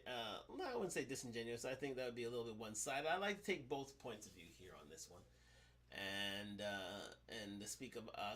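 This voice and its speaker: A man hosting a live-stream talk show, his voice bright and forward. He speaks off the cuff and often stops to restart a phrase. He keeps circling back to the same catchphrases. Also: mid-range voice. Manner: hesitant, many fillers and restarts, repeats catchphrases. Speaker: host.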